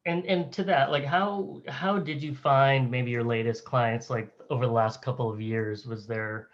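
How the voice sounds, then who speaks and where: A man's voice: medium pitch, fairly even intonation, moderate pace. Casual man moderating, slightly dull audio. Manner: casual, reads audience questions. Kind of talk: live online Q&A.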